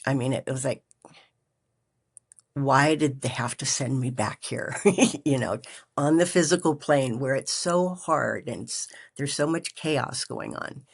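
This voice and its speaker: A woman as an interview guest, telling a personal story in a halting, reflective way with many pauses and restarts. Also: very deep voice, creaky, husky.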